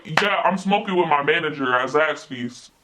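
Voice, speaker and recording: A woman's voice: sits low, animated, normal speed, background noise, voice pushed down. A woman voicing a lying, dismissive teenage boyfriend who brushes off questions in a defensive, evasive way.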